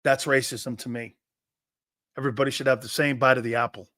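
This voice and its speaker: A middle-aged man hosting a sports talk show, a brash, loud storyteller who acts out the quotes. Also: medium pitch, steady tone, brisk, no room sound, studio quality.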